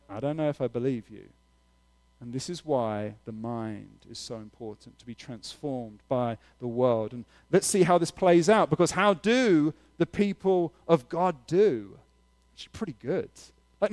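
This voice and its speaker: A man preaching a sermon as pastor, conversational and animated, with sudden loud emphasis. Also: a little high.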